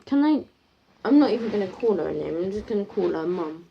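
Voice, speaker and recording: A woman's voice: mid-range voice, fairly quick, gravelly, slightly rough. A woman improvising a spooky story in a rambling, casual way, full of fillers and restarts, on a dull lo-fi home recording.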